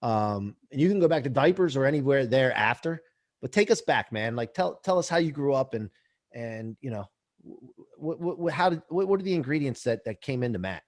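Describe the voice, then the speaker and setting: An energetic male podcast host who cheers his guest on like a hype man. He has a middling voice, recorded dry and close with no room sound. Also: mid-range voice, moderate pace, no room sound. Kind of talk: casual hype interview.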